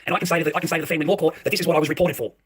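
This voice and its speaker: A husky-voiced man vents to his viewers at a rapid clip, his speech a touch higher than most men's. He swears freely and sounds heated and agitated. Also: steady tone. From Australia. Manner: talks straight to the viewer. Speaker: vlogger. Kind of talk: direct-to-camera rant.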